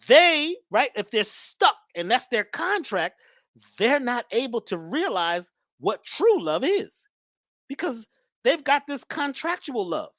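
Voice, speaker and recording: Animated woman giving a spiritual talk. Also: on the high side, takes it slowly, dry recording, studio quality. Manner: animated, emphatic, preachy. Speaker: guest speaker. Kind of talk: spiritual talk, casual conversation.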